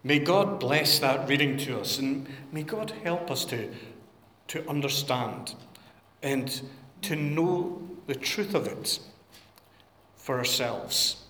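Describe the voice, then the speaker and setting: A pastor giving a sermon and reading scripture in an earnest, measured, prayerful way. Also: male voice, medium pitch, animated, pushed and bright. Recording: echoey hall with long reverb.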